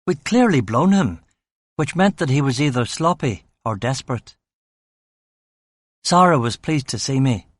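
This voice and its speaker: A man's voice: medium pitch, animated, a little slow, long pauses, no echo. A man narrating a crime novel in the first person, with a dry, wry delivery. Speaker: audiobook narrator.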